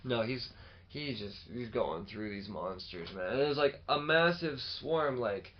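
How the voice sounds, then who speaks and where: A man co-hosting a podcast, chatting casually and animatedly about comics, swearing freely and acting out lines in quick bursts. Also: medium pitch, lo-fi sound. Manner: animated, swears often, acts out quotes. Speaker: podcast co-host. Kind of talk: casual chat.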